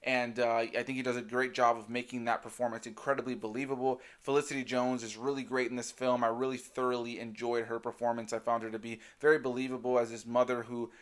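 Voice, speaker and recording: Earnest, measured male film reviewer. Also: mid-range voice, level tone. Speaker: host of a movie review channel. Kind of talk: casual movie review chat.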